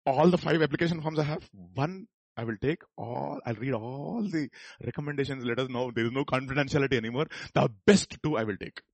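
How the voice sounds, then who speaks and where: A middle-aged pastor with an Indian Telugu accent delivers a storytelling sermon. His voice is slightly husky, and the sound is close and dry. He slips into quoted voices and swells to forceful emphasis. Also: medium pitch, fairly quick, no echo. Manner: storytelling with acted quotes and chuckles, rising to emphatic peaks.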